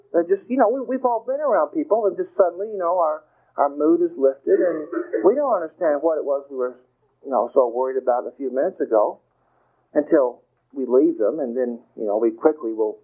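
A man giving a gentle, folksy motivational talk, reassuring and playful as he speaks to the listener. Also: on the high side. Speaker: inspirational speaker. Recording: tinny phone-like radio broadcast.

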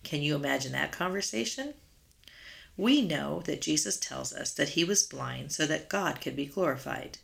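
A woman's voice: low-pitched, lively intonation, normal speed, vocal fry. A woman giving a devotional Bible teaching as a guest, earnest and full of rhetorical questions. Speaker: guest speaker.

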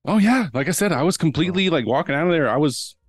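A man's voice: a little high, animated, fast, dry recording, clean studio sound, soft background music. A man telling a long story as a podcast guest, rambling, with many restarts and acted-out quotes. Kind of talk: casual storytelling.

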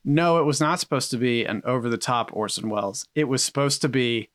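A man co-hosting a podcast, telling a story in a lively way and laughing often. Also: medium pitch, a little fast, no room sound. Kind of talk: casual chat.

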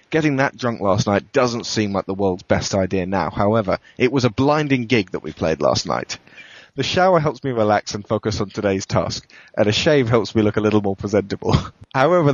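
A man narrates a first-person thriller in a steady, matter-of-fact voice that sits on the low side. The recording is dull and dry, with a lo-fi quality. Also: dry recording. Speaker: podcast host reading a story.

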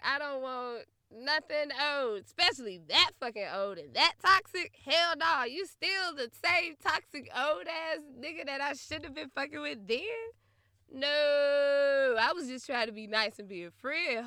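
A woman's voice: high-pitched, lively intonation, normal speed, pushed and bright, no echo. A young woman ranting casually about an old flame, blunt and profane, often laughing, recorded close and dry. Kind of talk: casual storytelling rant.

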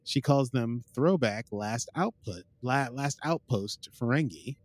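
A man's voice: medium pitch, animated, measured pace, dry recording. Rambling man recapping an episode. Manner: rambling, fills gaps with uh and like, quotes characters. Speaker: podcast host.

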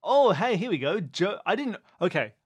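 Guy hosting a quiz on a podcast, super animated, bouncy pitch, dry close mic. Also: normal speed, husky, no room sound. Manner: playful, animated, teasing. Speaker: podcast co-host running a quiz. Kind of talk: casual chat.

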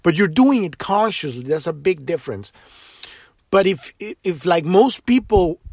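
A man's voice: high voice, sing-song, measured pace, darkish tone, husky, dry recording, clean studio sound. A man hosting a casual spiritual podcast, rambling with many restarts, tagging sentences with "right?" and swearing freely. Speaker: podcast host.

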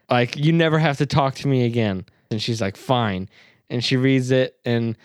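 A man talks through a film he loved, eager and a little self-doubting, tossing in swear words. His voice is smooth and clear. The recording is dry and close, with no room sound. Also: mid-range voice, a little mellow, dry recording. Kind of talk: casual movie review chat.

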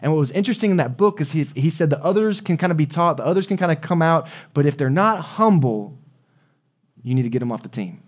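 A man's voice: on the high side, lively intonation, fast talker. A young adult man preaching a sermon, talking conversationally and telling stories with asides to the congregation. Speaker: pastor.

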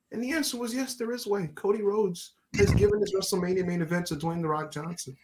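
A man hosting a wrestling podcast, telling a story in casual chat, animated and swearing, his voice climbing high and loud when he gets excited. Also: fast, slight background noise. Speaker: podcast host.

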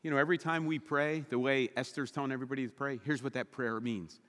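A male pastor preaching a sermon with animated, humorous storytelling. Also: mid-range voice, fast talker, hardly any pauses, big-room sound.

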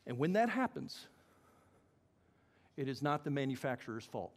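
A man preaching a sermon as pastor, animated and acting out the voices he quotes. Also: medium pitch, normal speed. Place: church hall. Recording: long hall reverb.

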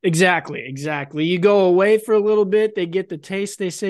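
A man's voice: high-pitched, fairly even intonation, brisk, few pauses. A man co-hosting a casual podcast chat, rambling and joking and often laughing. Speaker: podcast co-host.

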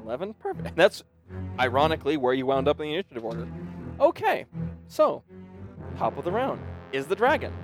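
A man's voice: on the high side, sing-song, fairly quick, long pauses. A man running a tabletop game as game master, narrating scenes in vivid detail. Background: background music.

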